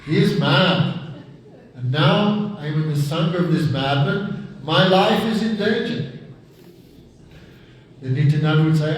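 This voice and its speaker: A man's voice: a little high, a little slow, pauses often. Guy telling a sermon story, acts out the voices, sounds far from the mic in a really echoey room w/ faint hiss. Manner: animated storyteller, acting out characters' voices. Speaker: spiritual teacher. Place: class hall.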